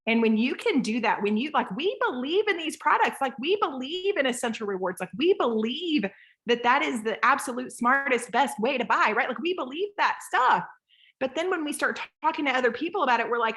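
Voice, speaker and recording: A woman in her thirties coaching a group call, lively and rambling, acting out voices as she talks. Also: high-pitched, a little fast.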